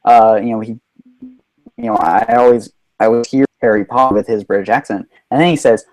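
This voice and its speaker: A man's voice: fairly low pitch, steady tone, a little fast, darkish tone, dry recording, rough recording. Hesitant man chatting, dry sound. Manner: hesitant, many fillers and restarts. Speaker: host. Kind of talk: casual live-stream movie chat.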